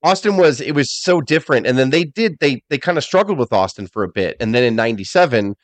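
A man co-hosting a podcast, telling stories in animated casual chat, swearing freely. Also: medium pitch, fast, dry recording. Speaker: podcast co-host.

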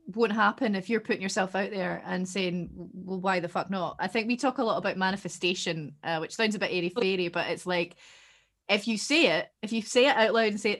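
A woman hosting a podcast, chatting casually and warmly encouraging her guest. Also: medium pitch. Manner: warm, encouraging, supportive. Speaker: podcast host.

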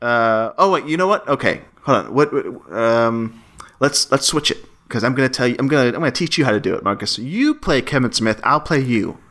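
A man's voice: mid-range voice, expressive, brisk, a bit bright. A man co-hosting a podcast in casual chat, rambling playfully with many restarts. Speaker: podcast co-host.

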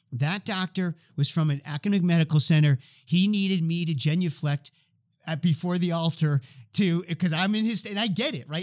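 Animated storytelling man in his fifties. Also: fairly high pitch. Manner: animated, acts out dialogue in stories. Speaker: guest expert on healthcare change. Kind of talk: conversational storytelling.

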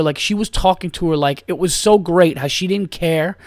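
A man's voice: on the high side, normal speed, few pauses, no room sound, clean studio sound. A man hosting a podcast, telling a rambling, profane story in a casual monologue full of restarts. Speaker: podcast host and stand-up comedian.

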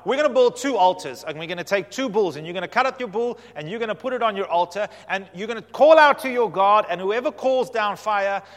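A preacher doing a bold, taunting prophet. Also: male voice, high voice, lively intonation, fairly quick, few pauses, in a large hall, pitched above the performer's own voice. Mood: challenging. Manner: taunting, loud and emphatic. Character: bold mocking male prophet issuing a challenge.

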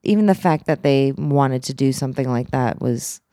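Low-pitched female podcast co-host, dry close sound, easygoing and hesitant. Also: normal speed, dark tone, no room sound. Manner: easygoing, hesitant, many uhs. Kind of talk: casual chat.

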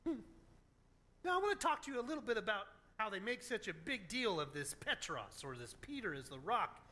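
A man preaching a sermon as a pastor, telling stories in an animated, joking way. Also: high voice, brisk.

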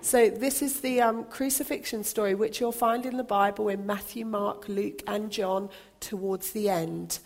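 A young woman giving a church talk, reading a storybook Bible aloud with dramatic, expressive emphasis. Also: mid-range voice, unhurried, gravelly. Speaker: speaker reading to a congregation.

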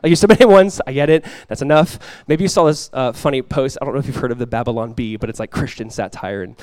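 A man's voice: mid-range voice, quick pace, a little mellow, no echo. A young adult male pastor giving a conversational sermon, joking and acting out little quotes.

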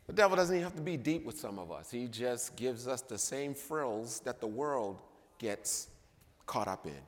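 A man preaching a sermon in a church, emphatic, swinging between loud and quiet delivery. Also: medium pitch, lively intonation, normal speed. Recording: long reverb of a church hall.

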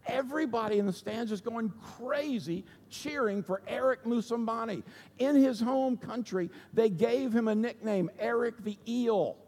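A man's voice: extremely high pitch, a little mellow. A man preaching a sermon, telling a story in a conversational way and checking in with the congregation as he goes. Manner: conversational, asks the audience "okay?" and "right?". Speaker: pastor. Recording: long church hall reverb.

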